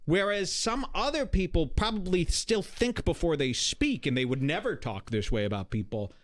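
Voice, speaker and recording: A man hosting a podcast, talking in an animated, exasperated, profane rant. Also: fairly high pitch, moderate pace. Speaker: podcast host. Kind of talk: casual ranting commentary.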